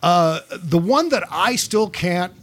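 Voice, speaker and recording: Male host, slightly high voice, wry exasperated banter. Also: animated, takes it slowly, a bit bright. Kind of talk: casual chat.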